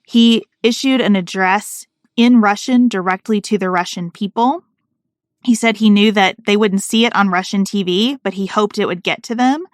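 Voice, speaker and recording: A woman's voice: mid-range voice, no room sound, clean studio sound. A woman co-hosting a political podcast, talking earnestly and reading quotes aloud with emphasis. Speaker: podcast co-host.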